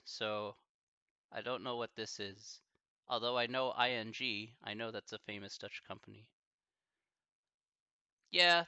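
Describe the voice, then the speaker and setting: A man, a math instructor on a live stream, talking casually and haltingly, thinking aloud with many fillers. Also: medium pitch, bright, forceful tone, clear, resonant tone, no room sound, highs cut off.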